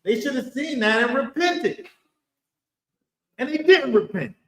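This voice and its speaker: A man teaching a Bible study in an emphatic, animated way, full of rhetorical questions. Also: very high-pitched, measured pace, reverberant, rough recording.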